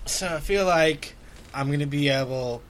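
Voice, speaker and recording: A man's voice: fairly high pitch, moderate pace, a little hiss or hum. A young man joking casually with friends.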